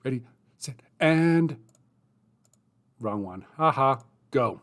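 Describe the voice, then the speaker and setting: A man's voice: medium pitch, big pitch swings, husky. A man hosting a writing livestream, chatty and self-mocking, thinking aloud as he goes. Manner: chatty, self-mocking, thinks aloud; mutters his draft slowly and softly. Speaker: streamer hosting writing sprints. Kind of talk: casual livestream chat, then muttering while writing.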